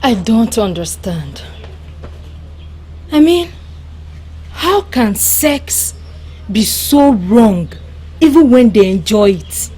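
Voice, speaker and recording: An actress playing a naive young daughter with a Nigerian accent who questions in a puzzled, hesitant way. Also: female voice, a little high, big pitch swings, takes it slowly, long pauses, mellow, slight background noise.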